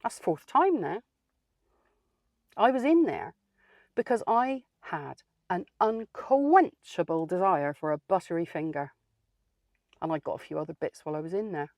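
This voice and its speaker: A woman's voice: on the low side, lively intonation, normal speed, long pauses, darkish tone, no room sound. A woman playing a feisty, outspoken older lady, telling a comic story in a dry, sardonic way. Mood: wry. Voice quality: dry, plain-spoken and sardonic. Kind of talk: comic character monologue.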